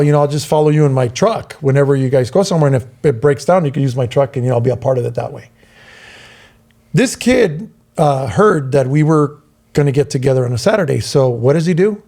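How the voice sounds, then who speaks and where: With a fairly high pitch and a brisk delivery, a middle-aged man from Southern California co-hosts a podcast and casually relates a long story. He animates it by doing the voices of the people he's quoting.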